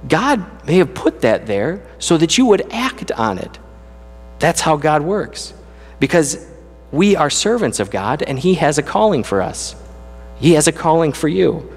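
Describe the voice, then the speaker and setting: A middle-aged man preaching a sermon as a pastor, with earnest, conversational delivery that lifts in pitch when he speaks of praise. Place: church sanctuary. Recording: long church hall reverb.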